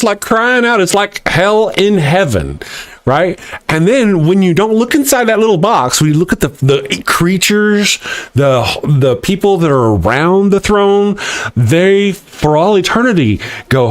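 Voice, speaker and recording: Middle-aged male host, irreverent and mocking, slightly high voice. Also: expressive, measured pace, no echo. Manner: irreverent, mocking, laughs often. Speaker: host of a live atheist morning show. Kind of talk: casual live-stream talk reading viewer comments.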